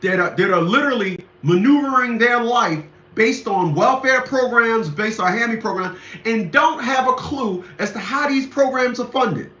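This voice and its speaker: High bright-voiced man ranting, echoey. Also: expressive, normal speed. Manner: emphatic, repetitive, preachy. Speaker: commentary show host. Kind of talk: casual monologue commentary. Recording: echoey lo-fi room recording.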